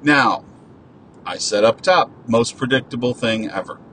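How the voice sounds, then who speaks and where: A man talks alone in an unhurried, meandering way, full of ums, false starts and the odd curse word. He is casual and chatty, like a host thinking aloud. A faint low rumble runs behind the voice. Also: expressive, a bit bright, low-quality recording. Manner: digressive, many fillers and restarts, casual swearing. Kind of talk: rambling solo commentary.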